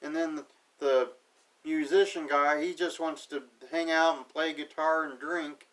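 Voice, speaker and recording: A man's voice: a little high, fairly even intonation, a little slow, a bit bright, distant mic, rough recording. A man casually recapping a TV episode in a sarcastic, offhand way, paraphrasing the characters as he goes. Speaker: TV episode reviewer.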